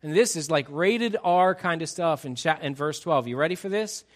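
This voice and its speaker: A man preaching a sermon to his congregation, animated and emphatic, teasing the crowd and acting out quotes. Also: on the high side, normal speed. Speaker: pastor.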